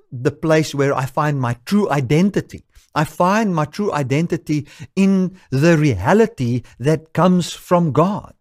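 A man's voice: on the high side, a little mellow, no room sound, studio quality. Earnest South African-born man preaching. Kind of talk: sermon.

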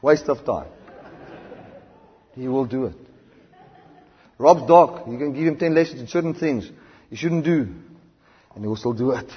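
A man preaching a sermon, switching between loud emphatic declarations and quiet low asides. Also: measured pace, long pauses, slightly rough. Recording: dull sound with long hall reverb.

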